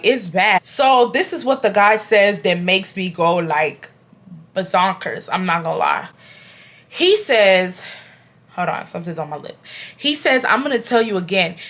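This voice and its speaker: A woman, telling a storytime to her viewers in a blunt, animated and profane way. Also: mid-range voice. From Houston, Texas. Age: 20s. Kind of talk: casual storytime.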